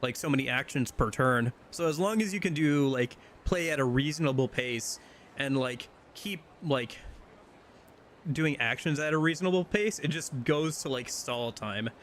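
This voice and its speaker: Chatting casually over his video game stream, a man rambles, full of fillers and restarts. He speaks in a mid-range, slightly bright voice at a moderate pace, with slight background noise.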